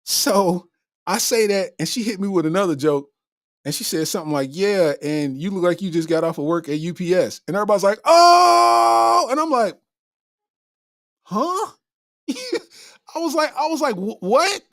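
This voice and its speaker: Animated man telling a story. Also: high-pitched, a little fast, no room sound, studio quality. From Kentucky. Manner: animated, acts out his own reactions. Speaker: comedian host. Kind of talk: casual storytelling.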